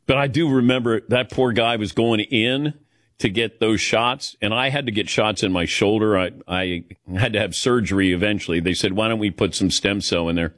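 A man's voice: fairly low pitch, normal speed, a bit bright, dry recording, studio quality. A middle-aged man hosting a radio talk show, telling a self-mocking story in a chatty way and laughing often.

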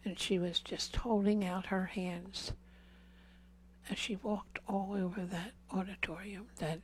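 A woman's voice: mid-range voice, steady tone, measured pace, darkish tone, slightly rough. A woman giving an earnest Catholic talk to a congregation, pleading with repeated questions and dropping to whispers on key words. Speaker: speaker at a healing service.

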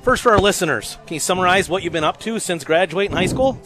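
A man's voice: sits high, lively intonation, fast talker, pushed and bright. Brief: male local radio host, upbeat interviewer, faint background music.

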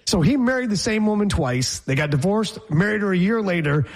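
A man co-hosting a casual talk show, telling jokey stories with a husky voice. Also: high-pitched, lively intonation, brisk. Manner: joking, storytelling. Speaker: co-host. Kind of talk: casual banter.

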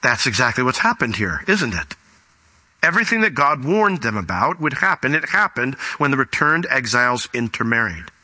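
A man preaching a sermon as pastor, reading scripture aloud and explaining it, often rising in pitch for emphasis. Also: normal speed. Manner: animated, rises sharply in pitch for emphasis.

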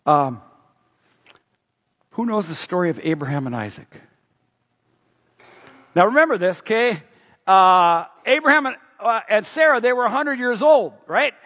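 A man preaching a sermon in an energetic, emphatic way, moving between loud stresses and quiet asides. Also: high-pitched, measured pace, pauses often. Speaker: pastor. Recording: dull, echoing hall sound.

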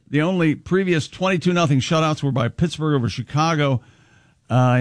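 A man's voice: fairly high pitch, no room sound, clean studio sound. A man reading sports scores and odd news on a talk show, joking and laughing between items. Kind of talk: casual radio chat reading news items.

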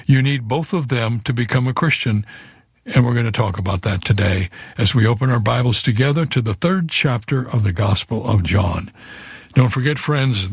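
A man preaching as a radio pastor, earnest and steady, with a chuckle now and then. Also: medium pitch, big-room sound. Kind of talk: radio sermon.

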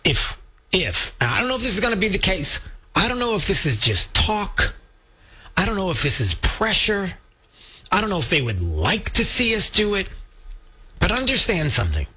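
A man's voice: high-pitched, huge pitch swings, normal speed, sharp tone, husky. A man hosting a political talk radio show, emphatic and fired up, speaking straight to his co-host and his listeners. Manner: fired-up, emphatic, addresses co-host and audience directly. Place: radio studio.

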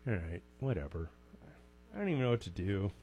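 Folksy radio host, rambling. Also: male voice, sits low, big pitch swings, brisk, lo-fi sound, slight background noise. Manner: rambling, folksy, jokey asides. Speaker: radio swap show host. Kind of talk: casual radio chat.

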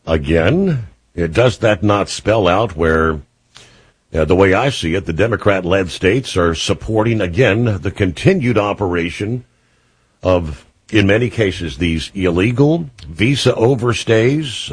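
A man's voice: low-pitched, slightly rough, dry recording. A man hosting a call-in radio talk show, speaking in a folksy, conversational way with frequent fillers.

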